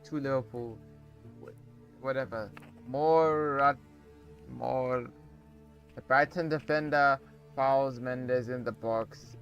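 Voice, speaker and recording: A young man commentating a football video game on a borrowed microphone, with excitable play-by-play and rambling asides. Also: medium pitch, lo-fi sound. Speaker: gaming YouTuber. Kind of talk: casual gameplay commentary. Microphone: borrowed cheap microphone.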